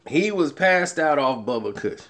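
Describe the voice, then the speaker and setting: A man in casual talk, spinning a story with frequent laughter and quoted voices. His voice sits high and swings widely in pitch. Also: lively intonation, unhurried, fairly bright tone.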